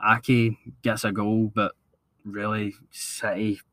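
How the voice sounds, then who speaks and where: Low-voiced man, measured. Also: flat delivery, fairly bright tone, no room sound. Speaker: podcast co-host. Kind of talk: casual football chat.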